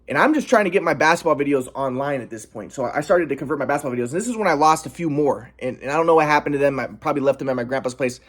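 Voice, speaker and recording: A young man telling a personal story in a vlog, earnest and aggrieved, stressing how calm he stayed. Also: a little high, very fast, few pauses. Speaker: vlogger.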